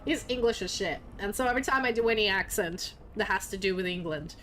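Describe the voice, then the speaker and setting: A woman's voice: mid-range voice, fast, a bit bright, slight background noise. A young woman streaming a video game, chatting casually in a playful, joking way and swearing freely. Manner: playful, swearing, laughing often. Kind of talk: casual gaming commentary.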